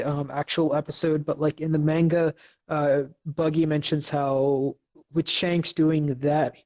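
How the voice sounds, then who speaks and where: A man's voice: a little high, a little mellow. A young man co-hosting a podcast, casually recapping an episode with lots of fillers and restarts. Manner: halting, many fillers and restarts. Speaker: podcast co-host.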